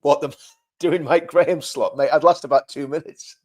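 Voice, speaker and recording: Chatty man with a slightly high voice. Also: steady tone, moderate pace. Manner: chatty, repeats himself, laughs often. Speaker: livestream co-host. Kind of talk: casual livestream chat.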